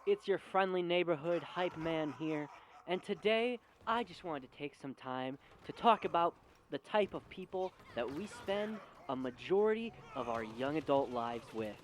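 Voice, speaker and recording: Young male vlogger, high voice, sarcastic and animated, comedic rant with faint background noise. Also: normal speed. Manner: sarcastic, animated, jumps in pitch and loudness for emphasis. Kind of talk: casual comedic vlog rant.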